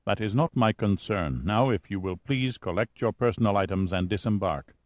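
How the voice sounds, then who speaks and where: Man doing a cold military pilot, curt and formal, deep tone, flat dry audiobook sound. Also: moderate pace, dry recording, lo-fi sound, natural voice.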